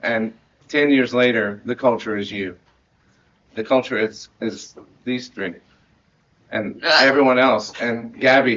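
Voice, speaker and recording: A man's voice: fairly low pitch, a bit bright, lo-fi sound. A man in his thirties, a marching band director, giving a heartfelt end-of-season speech to his students, earnest and rambling with laughs and restarts.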